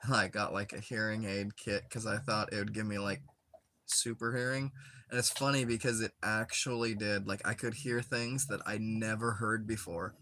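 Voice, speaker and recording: A man's voice: on the low side, flat delivery, moderate pace, pushed and bright, a little hiss or hum. A young man chatting casually while he plays a game, rambling with lots of filler words and frequent giggles. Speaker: gaming streamer.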